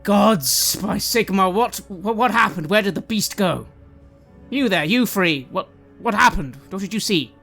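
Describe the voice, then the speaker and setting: A man's voice: high voice, expressive, a little slow, gravelly, sharp tone, pitched above the performer's own voice, full character voice. A man voicing a blustering city guard who barks stammered questions, with music behind. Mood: alarmed.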